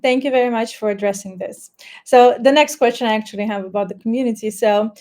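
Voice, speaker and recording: A woman's voice: on the high side, fast talker, dark tone. A woman moderating a live Q&A, politely reading out audience questions.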